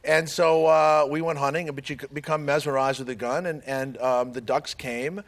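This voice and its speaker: A man's voice: fairly high pitch, fairly even intonation, moderate pace. A middle-aged man who is a talk show guest, telling a rambling comic story and teasing his host, in a TV studio. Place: TV studio with audience.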